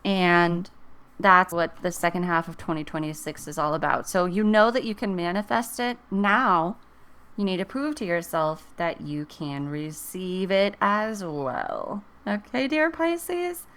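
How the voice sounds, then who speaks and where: A woman's voice: on the low side, unhurried, a bit bright, clear, resonant tone. A woman giving a casual, encouraging tarot reading to camera, chatting and thinking aloud as she goes. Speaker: tarot reader.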